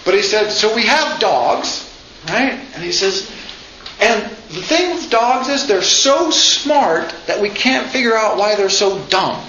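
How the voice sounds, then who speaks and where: A man's voice: high-pitched, animated, takes it slowly, pushed and bright. A man giving an informal lecture, chatty, often asking "right?" and acting out quotes. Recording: echoey room, slightly dull sound, faint noise.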